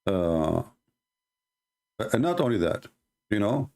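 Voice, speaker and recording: This live debate host, a native Arabic speaker with an Arabic accent, argues forcefully, repeating phrases and slowing down for emphasis. His lowish, mellow voice is very animated and carries vocal fry.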